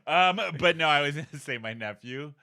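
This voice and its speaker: A man co-hosting a casual podcast from home, telling family stories with lots of laughter and high-pitched impressions. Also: a little fast, clear, resonant tone. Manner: animated storyteller, mimics family in high voices, laughs often. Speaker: podcast co-host. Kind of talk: casual chat.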